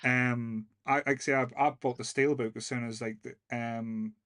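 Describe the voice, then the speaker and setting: A man's voice: mid-range voice, fairly even intonation, moderate pace, fairly bright tone, no room sound, studio quality. A man with a Northern English accent hosting a casual podcast chat, rambling with lots of fillers. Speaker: podcast host.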